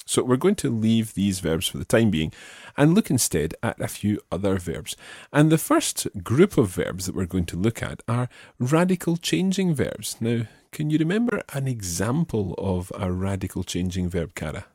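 A man's voice: fairly low pitch, big pitch swings, moderate pace, a little mellow, slightly rough, no room sound, clean studio sound. A man teaching a Spanish lesson, patiently explaining step by step and prompting his student. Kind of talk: spoken language lesson.

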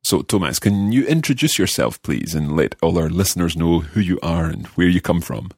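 A man hosting a podcast language lesson, guiding it in a friendly, measured way as he learns along. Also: deep voice, animated, a little mellow, breathy edge, no echo, clean studio sound. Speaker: language course host and learner.

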